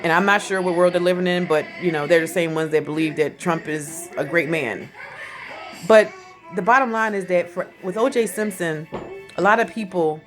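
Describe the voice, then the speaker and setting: A woman in her forties gives a casual vlog commentary in a slightly low voice. She talks in a chatty, animated way and laughs often. Faint music plays behind her. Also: moderate pace. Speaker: vlogger.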